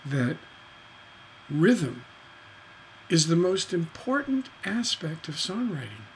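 A man teaching songwriting on a charity livestream in a relaxed, folksy way, humming melodies on "da da" to show his points. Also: fairly high pitch, slow, a little hiss or hum.

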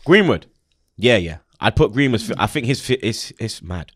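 A young man hosting a casual football chat, animated and slangy, swearing and laughing a lot. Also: fairly low pitch, moderate pace, breathy edge, dry recording, clean studio sound. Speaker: football channel host.

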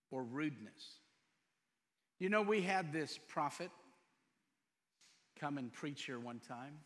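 A middle-aged man preaching a sermon as pastor, firing off rhetorical questions and moving between loud emphatic lines and quiet storytelling. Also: medium pitch. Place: church sanctuary. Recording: long hall reverb.

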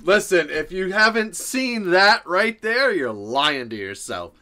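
A man hosting a reaction video, giving casual commentary to viewers with animated, laughing asides. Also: sits high, unhurried, noisy background.

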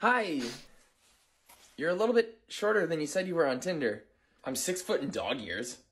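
A small deadpan talking dog played by a man makes dry remarks on a date. His pitch moves around a lot, and faint clicks sit behind him. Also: normal speed, a little hiss or hum.

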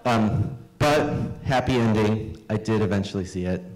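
A man's voice: on the low side, moderate pace, darkish tone, rough recording. A middle-aged man, a cartoonist, reading his own comics aloud with wry, self-deprecating asides.

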